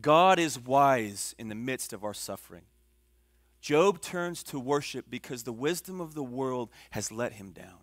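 A pastor preaching a sermon in a somewhat high male voice. He swings between hushed, low stretches and loud, emphatic build-ups. The sound is dry and close. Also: dry recording.

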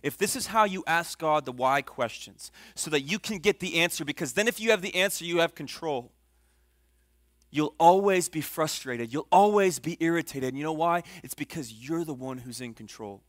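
A pastor preaching a sermon in a somewhat high male voice. He swings between hushed, low stretches and loud, emphatic build-ups. The sound is dry and close. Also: expressive, normal speed, no echo.

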